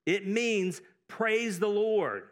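A man with a notably high voice preaches to his church in a loose, talky way. He wanders into asides and doubles up his words to stress a point. He grew up in Texas. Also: expressive, extremely slow. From Texas, United States. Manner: conversational, with asides and repeated words for emphasis. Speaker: pastor. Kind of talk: sermon.

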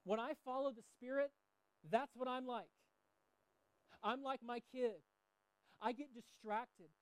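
A man's voice: extremely high pitch, fairly even intonation, measured pace, clear, resonant tone, dry recording, rough recording. Man preaching in a dry, close sound. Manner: conversational preaching with personal stories, frequent restarts. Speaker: pastor. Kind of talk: sermon.

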